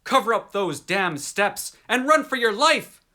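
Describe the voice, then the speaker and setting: A man voicing a terrified young man trapped underground, shouting frantic warnings in a high strained voice. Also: big pitch swings, unhurried, full character voice.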